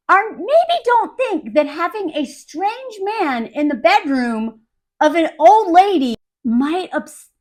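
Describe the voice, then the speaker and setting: A woman giving casual, sarcastic film commentary in a blunt, animated way. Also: sits high.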